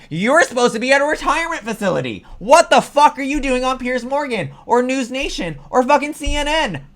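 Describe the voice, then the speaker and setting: A man's voice: very high-pitched, big pitch swings, a little fast, hardly any pauses, fairly bright tone. A man hosting a vlog, delivering a heated, profane reaction rant. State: sweaty after ranting. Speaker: political commentary vlogger.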